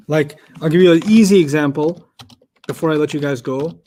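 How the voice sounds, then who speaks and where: A man teaching an Arabic lesson to a class, explaining word order with lively made-up examples and questions to the students. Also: a little high, fairly quick, slight background noise. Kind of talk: classroom lecture.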